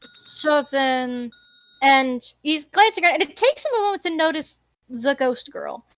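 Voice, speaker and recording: Woman gm narrating a tabletop game, high voice, super dry sound, playful. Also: expressive, unhurried, fairly bright tone, no echo. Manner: descriptive, playful. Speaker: game master.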